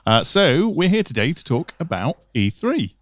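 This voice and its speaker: A man's voice: a little high, big pitch swings, moderate pace, no room sound, studio quality. A man hosting a casual podcast chat, joking and laughing often. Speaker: podcast host.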